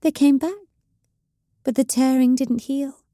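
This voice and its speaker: Voicing a volatile young female psyker cultist, a woman delivers bitter, menacing lines by hissing, snarling and shouting angrily. Her high voice is pushed up and steady in tone, with a measured pace. The recording is dry, with clean studio sound.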